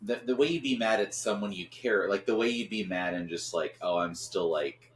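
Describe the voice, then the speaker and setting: A man in a casual film review chat, working through his points with halting restarts. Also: fairly low pitch, reverberant, a little hiss or hum.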